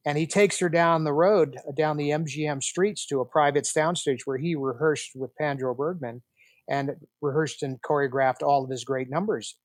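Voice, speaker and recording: Man, 60s, podcast guest, lively storyteller, somewhat high-pitched, dry sound. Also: moderate pace, no echo. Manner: animated storyteller, acts out quoted dialogue. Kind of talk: storytelling interview.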